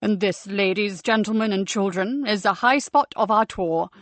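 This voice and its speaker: A woman reading an audiobook, voicing a fussy, theatrical male church tour guide with a slow, showy delivery. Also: mid-range voice, no room sound, natural voice. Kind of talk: audiobook character voice.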